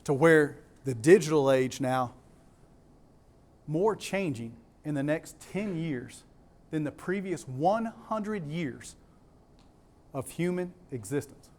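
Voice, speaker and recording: A man's voice: on the high side, animated, slow, pauses often, darkish tone. A man with a Southern US accent giving a keynote talk to a live audience, emphatic, repeating key words and putting questions to the crowd. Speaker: conference speaker.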